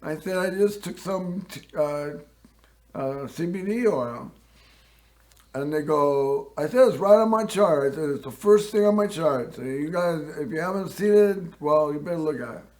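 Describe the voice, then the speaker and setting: A man hosting a local TV show, telling a personal story in a rambling way and often clearing his throat. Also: a little high, moderate pace, darkish tone. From Northern California. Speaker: host.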